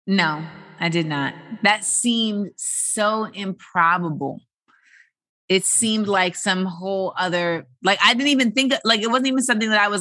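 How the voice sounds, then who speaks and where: A woman in her forties hosting a podcast, talking casually and animatedly with many fillers and excited bursts. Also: mid-range voice, unhurried, dry recording. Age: 40s. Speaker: podcast host. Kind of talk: casual solo podcast monologue.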